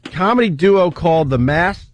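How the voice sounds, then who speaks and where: A man's voice: sits high, animated, normal speed. Man hosting a talk radio show. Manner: laughing, steering the show. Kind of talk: casual talk radio banter.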